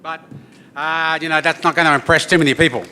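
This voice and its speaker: Bright-voiced man storytelling. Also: on the high side, quick pace, soft background music. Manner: lively, joking, addresses the crowd with "yeah?" tags. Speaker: didgeridoo performer. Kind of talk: storytelling performance to an audience. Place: event venue with an audience.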